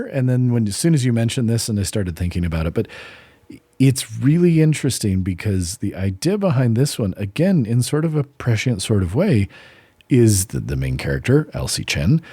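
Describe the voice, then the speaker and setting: Co-hosting a laid-back book-discussion podcast, a young man tells a meandering story, cutting himself off and starting over. His voice is on the low side and mellow with a breathy edge, recorded without echo.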